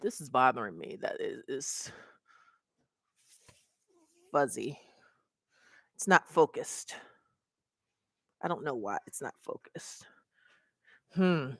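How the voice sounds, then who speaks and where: A woman's voice: very deep voice, animated, slow, long pauses, a bit bright, no room sound, studio quality. A middle-aged woman and mobile notary mentor, telling a story casually to her webcam and acting out the voices of the people in it.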